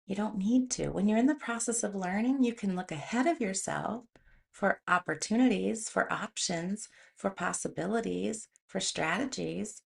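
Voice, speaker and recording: A woman's voice: medium pitch, normal speed, creaky. A woman hosting a motivational talk, speaking in a conversational way and telling stories with animation. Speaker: host.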